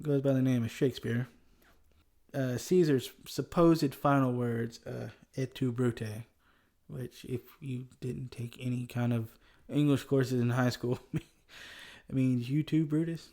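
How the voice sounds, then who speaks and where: Southern guy hosting a history podcast, mellow voice, chuckles a lot, easygoing. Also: mid-range voice, creaky. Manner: chuckles often, loose and conversational. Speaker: podcast host. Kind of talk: casual history podcast chat.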